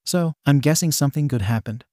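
A man's voice: fairly high pitch, brisk, mellow, no room sound, clean studio sound, lightly acted. A man voicing a cheerful, teasing teenage girl in a storybook reading, with light and bubbly delivery.

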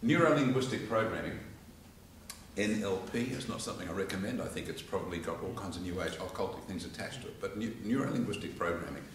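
A man's voice: low-pitched, fast talker, far from the mic, a little hiss or hum. Australian man lecturing in an echoey hall. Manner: animated storyteller, acts out quotes and laughs along. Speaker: public speaking teacher. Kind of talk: informal lecture with demonstrations. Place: church hall with live audience.

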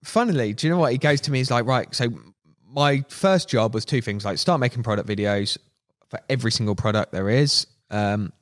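Brisk and mid-range in pitch, the young guest on this podcast tells laid-back stories in slang, animatedly voicing what others said.

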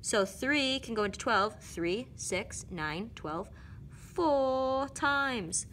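A woman's voice: medium pitch, lively intonation, takes it slowly, fairly bright tone, a little hiss or hum. A woman casually walking through math word problems, thinking aloud and correcting herself as she goes. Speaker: math explainer. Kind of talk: casual lesson walkthrough.

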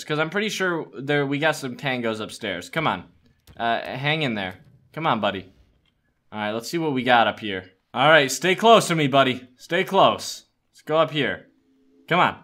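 A man giving let's-play commentary on a game, excitable, yelling and laughing at the action. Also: fairly high pitch. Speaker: gaming YouTuber.

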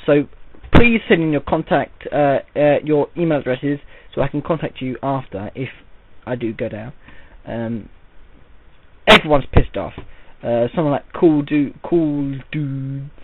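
A man's voice: medium pitch, measured pace, slight background noise. A man rambling through an audio-only vlog, working himself up into an indignant rant. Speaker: vlogger. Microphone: voice recorded without camera. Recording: tinny, phone-like lo-fi audio.

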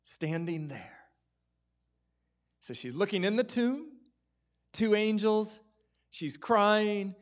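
High-voiced pastor preaching with drama. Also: male voice, slow pace, long pauses. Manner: storytelling, acts out quoted voices, drops to whispers. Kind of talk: sermon. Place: church.

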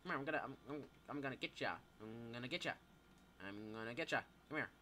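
A teenage boy giving live gameplay commentary, excitable, yelping and swearing as things happen. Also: medium pitch, fast talker. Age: teens. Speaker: gamer.

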